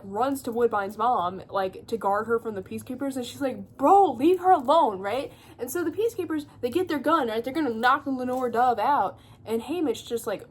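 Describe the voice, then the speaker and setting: A woman's voice: a little high, slight background noise. A young woman at home giving a rambling, profane, casual book recap full of fillers and laughter. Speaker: booktuber.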